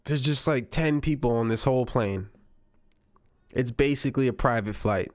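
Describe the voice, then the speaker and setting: A man's voice: medium pitch, normal speed, darkish tone, no room sound, clean studio sound. A man giving casual reaction commentary on news clips, wry and incredulous, repeating lines for effect.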